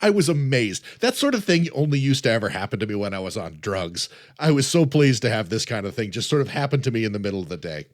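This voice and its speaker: A man in his forties hosting a podcast, telling stories in a casual, animated way with frequent stammered restarts. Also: medium pitch, quick pace. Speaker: podcast host. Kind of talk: casual chat.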